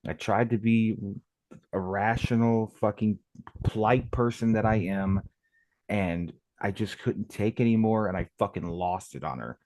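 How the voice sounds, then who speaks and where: Low-voiced guy calling in, swears nonstop, rambly, dry close sound. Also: unhurried, darkish tone, dry recording. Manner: profane, rambling storytelling. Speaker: caller. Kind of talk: casual call-in chat.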